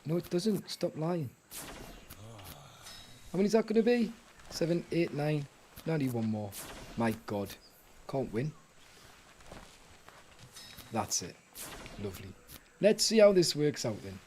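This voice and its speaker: A man's voice: a little high, very animated, measured pace, long pauses, darkish tone, a little hiss or hum. A man streaming a survival game live, chatting to himself and his viewers in a rambling, self-mocking way. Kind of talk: live gameplay chat.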